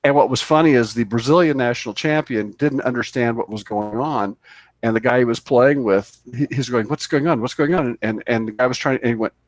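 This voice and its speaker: In a radio studio, a male co-host tells a long story casually and ramblingly, packed with fillers and restarts. His medium-pitched voice is brisk, with no room sound.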